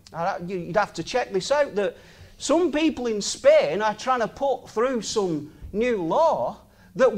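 A man, talking in an informal sermon, chatty, laughing often and asking the listener rhetorical questions. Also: very high-pitched. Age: 60s.

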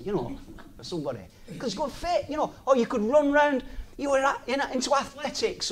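A man, talking in an informal sermon, chatty, laughing often and asking the listener rhetorical questions. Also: high voice. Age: 60s.

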